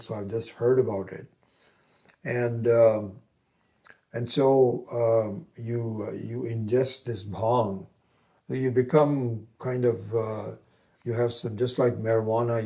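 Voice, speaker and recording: A man teaching Vedanta, telling a story in a halting way and acting out its voices. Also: on the low side, steady tone, mellow. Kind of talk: spiritual lecture with storytelling.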